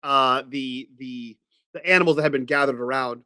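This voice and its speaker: Man, game master; bright, slightly high voice, dry close mic, hesitant improvised narration. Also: clear, resonant tone, no echo. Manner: halting, full of fillers and restarts while improvising.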